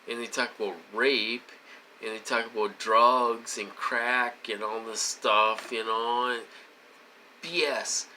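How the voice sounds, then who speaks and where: Slow, sharp-voiced agitated middle-aged man. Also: medium pitch, a little hiss or hum, rough recording. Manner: insistent, repetitive, agitated. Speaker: vlogger. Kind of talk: rambling monologue to viewers. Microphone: phone.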